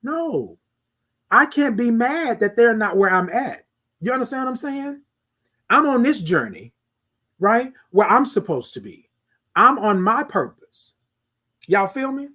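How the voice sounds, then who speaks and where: Male podcast host, high voice, animated sermon-like chat with the audience. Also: a little slow, long pauses. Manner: animated, preachy, asks listeners "y'all feel me". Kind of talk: casual monologue.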